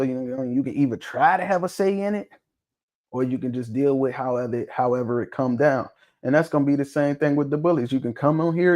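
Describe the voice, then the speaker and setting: A man hosting a casual talk show discussion, talking bluntly and swearing freely, with an animated, preaching tone. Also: mid-range voice. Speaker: podcast host.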